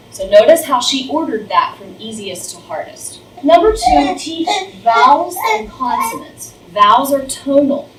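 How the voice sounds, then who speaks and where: Middle-aged teacher lady explaining phonics, kinda high voice, roomy echo, a bit far from the mic. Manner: explains with demonstrations, overemphasizes sounds. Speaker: first grade teacher. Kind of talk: teacher training lecture. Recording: roomy, distant, faint noise.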